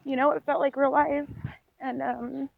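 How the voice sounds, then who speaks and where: A woman vlogger recounting a dream as she walks outside, telling it in a rambling, animated way with lots of "like". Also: sits high, unhurried, creaky, very noisy. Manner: rambling, animated storytelling full of "like". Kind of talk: walk-and-talk dream retelling. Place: outdoors on a street while walking. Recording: dull lo-fi recording.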